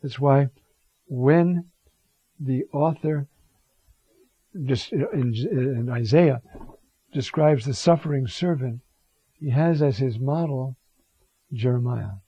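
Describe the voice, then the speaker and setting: A man's voice: mid-range voice, slow pace, pauses often, mellow, breathy edge, no room sound. A man teaching on a Bible reading in a conversational, digressive homily style, often saying "you see". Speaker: priest teaching on scripture. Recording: dull lo-fi close mic, dry.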